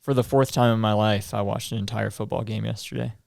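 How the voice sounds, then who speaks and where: Gravelly podcast guy cracking jokes, dry mic. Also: on the low side, level tone, a little mellow, dry recording. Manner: quick-witted, joking. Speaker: podcast co-host. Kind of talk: casual chat.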